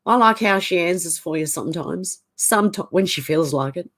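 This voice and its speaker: An Australian woman hosts a live stream indoors from a room at home, chatting casually and reading comments while greeting viewers by name with a bright, lilting "how you going." Her voice is fairly low and expressive, at a moderate pace.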